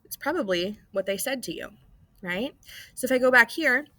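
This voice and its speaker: A woman's voice: a little high, animated, moderate pace, bright, forceful tone, no room sound. A woman teacher talking students through a writing lesson in a casual, explanatory way, often checking in with "okay?" and "right?", recorded on a computer mic.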